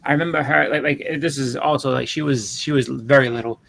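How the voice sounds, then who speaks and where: Gravelly fast-talking man telling stories. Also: medium pitch, fairly even intonation, fairly bright tone, low-quality recording. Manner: rambling anecdotes with restarts and acted quotes. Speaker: podcast co-host. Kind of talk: casual storytelling chat. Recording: faint background noise.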